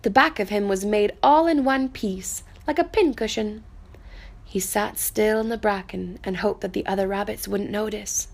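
A woman reading a children's storybook aloud in a gentle, soft, unhurried way. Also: medium pitch.

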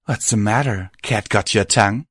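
A man's voice: on the low side, moderate pace, fairly bright tone, breathy edge, dry recording, clean studio sound. A man voicing a cruel female alicorn villain who mocks and gloats in a taunting manner.

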